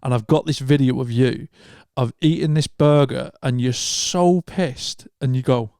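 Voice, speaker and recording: Male podcast co-host, gravelly, animated storyteller with a loose mouth. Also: medium pitch, unhurried, no room sound, studio quality. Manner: animated storyteller, swears freely, acts out quotes. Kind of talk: casual chat, anecdote telling.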